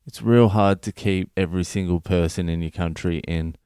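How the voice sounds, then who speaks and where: A man's voice: low-pitched, fairly even intonation, moderate pace, dark tone, smooth, no room sound, studio quality. An Australian man in his thirties, a comedian hosting his own podcast, delivering a profane, ranting comedic monologue.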